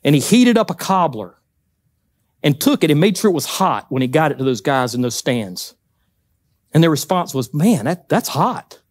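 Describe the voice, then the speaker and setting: A man preaching a sermon, telling stories with lively acted-out quotes. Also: a little high, moderate pace, dry recording. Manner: animated storytelling, acts out quotes. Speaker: pastor.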